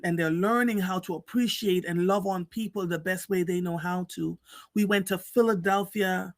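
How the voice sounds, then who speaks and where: A woman hosting a live show, telling stories in an animated, chatty way with many restarts. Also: fairly low pitch, no room sound. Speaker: host. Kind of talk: casual storytelling chat.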